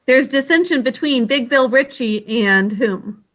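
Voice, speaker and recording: A woman's voice: sits high, animated, unhurried. A woman teacher leading a vocabulary and spelling lesson. She asks the class questions, calls on students by name, and patiently sounds out each syllable.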